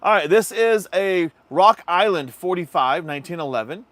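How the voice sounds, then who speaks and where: A man's voice: high voice, moderate pace, no room sound. A man casually hosting a livestream, chatting easily and reading viewer comments. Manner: relaxed, chatty, addresses viewers as y'all. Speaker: livestream host.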